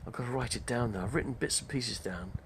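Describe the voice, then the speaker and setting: A man's voice: mid-range voice, fast, slight background noise. An older man, rambling casually on a live stream, chatty and digressive. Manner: chatty, digressive, name-dropping.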